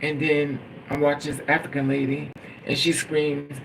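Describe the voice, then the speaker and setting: A man with a slightly high, gravelly voice tells his story casually. He rambles, swears freely and keeps laughing at his own telling, with a faint hiss of noise behind him. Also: level tone, a little slow, sharp tone, poor audio. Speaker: storytime vlogger.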